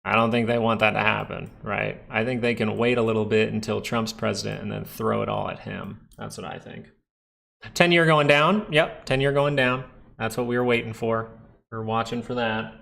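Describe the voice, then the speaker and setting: Gravelly young man chatting markets live. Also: fairly low pitch, moderate pace, a bit bright. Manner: chatty, jokey, talks straight to the chat. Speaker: stock market livestream host. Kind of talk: casual live-stream market commentary.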